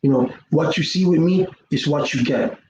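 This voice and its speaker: A man's voice: on the high side, normal speed, darkish tone. Rambling man vlogging in a roomy space. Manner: rambling, repeats words, earnest and preachy. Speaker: YouTuber. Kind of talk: casual monologue vlog. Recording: roomy, dull lo-fi sound with faint noise.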